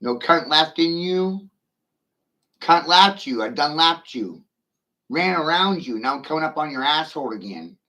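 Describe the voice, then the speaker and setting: A man's voice: fairly high pitch, animated, moderate pace, pushed and bright, rough recording. A middle-aged man in a profane, taunting rant, swearing aggressively at his critics.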